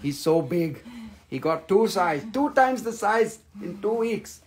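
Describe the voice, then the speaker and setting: A man's voice: sits high, expressive, a little slow. A man hosting a live stream, selling crystals and stones in a casual, joking, chatty way, sometimes swearing. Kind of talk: casual live sales chat.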